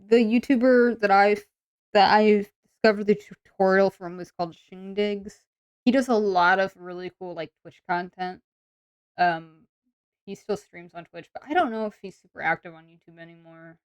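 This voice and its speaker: A woman's voice: mid-range voice, smooth, no room sound. A woman streamer in casual, rambling chat with viewers, full of fillers. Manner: chatty and rambling, many "like" and "um" fillers.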